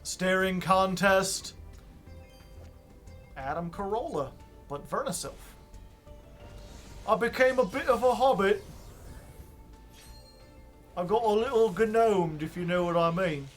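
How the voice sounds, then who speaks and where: A man's voice: sits high, takes it slowly, long pauses, soft background music. A man streaming live, chatting casually with viewers and mumbling wry asides that often trail off.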